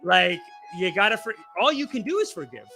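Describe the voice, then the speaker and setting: A man's voice: sits high, sing-song, fairly quick, gravelly, sharp tone, soft background music. A man hosting a podcast, rambling, profane and mocking in loose commentary. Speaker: podcast host.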